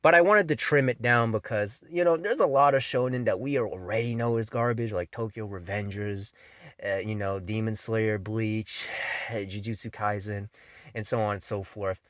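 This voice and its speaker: A man's voice: fairly low pitch, normal speed, fairly bright tone, dry recording, studio quality. A man who hosts his own channel, giving an exasperated, profane rant review of manga.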